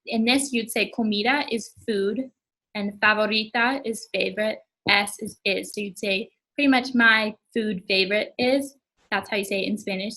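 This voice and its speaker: A woman's voice: mid-range voice, pushed and bright, low-quality recording. A young woman presenting a classroom lesson in a casual tone, explaining words one by one. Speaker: language and culture presenter. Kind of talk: classroom teaching.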